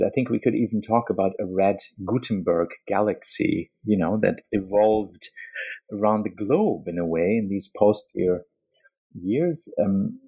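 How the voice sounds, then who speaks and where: Husky low-voiced author, thoughtful. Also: male voice, dark tone, poor audio. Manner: thoughtful, hesitant, restarts often. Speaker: author being interviewed. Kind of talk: academic interview.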